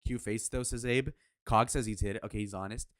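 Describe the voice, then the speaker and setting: A young man in his twenties reacting to clips of himself in a loose, profane way, quick to flare up with disbelief. His voice sits on the low side. It sounds dry, with hardly any room around it. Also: no echo. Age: 20s. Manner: blunt, profane and excitable. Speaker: streamer reviewing his own speed date. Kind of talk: casual reaction commentary.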